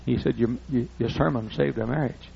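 A man's voice: mid-range voice, fairly quick, vocal fry, a little mellow, slight background noise. An older man preaching a folksy storytelling sermon. He acts out the dialogue in raised voices. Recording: muffled lo-fi recording.

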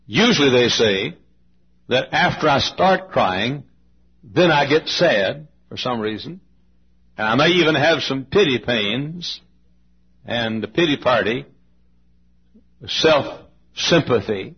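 A man preaching a sermon as pastor to his congregation, slow and emphatic, repeating key phrases and urging the listeners to pay attention. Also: mid-range voice, animated, husky, highs cut off. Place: large auditorium.

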